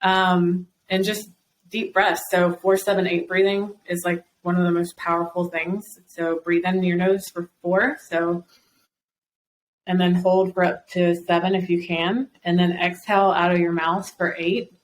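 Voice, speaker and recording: A woman's voice: on the low side, flat delivery, unhurried, slight background noise, poor audio. A woman guest on a podcast, encouraging and explaining at length with frequent fillers. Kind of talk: casual podcast conversation.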